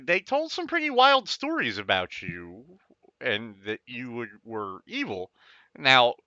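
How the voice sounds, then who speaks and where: A man playing a tabletop game casually, halting and full of restarts, on a dull lo-fi mic. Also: medium pitch, pushed and bright, dry recording. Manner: halting, lots of restarts, playful. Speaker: player. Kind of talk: casual tabletop play over voice chat.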